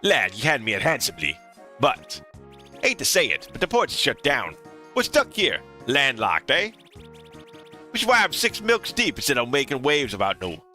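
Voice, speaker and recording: A man's voice: medium pitch, wildly swooping pitch, normal speed, bright, forceful tone, faint music behind, full character voice. A man voicing a boisterous, drunk male pirate sea captain in a put-on pirate brogue, rolling his words and slurring them. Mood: hearty.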